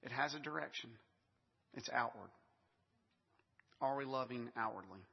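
A male pastor delivers a sermon in a relaxed, storytelling manner, mixing in laughs and asides. His voice is slightly husky and sits at an ordinary pitch. The recording is a little dull, with the long reverb of a large hall. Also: moderate pace. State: briefly choked up with emotion.

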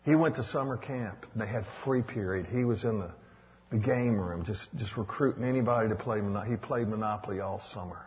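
Animated preacher in a hall. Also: male voice, on the low side, brisk. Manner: animated preaching, swings from loud to hushed. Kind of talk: sermon. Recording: dull echoey hall recording.

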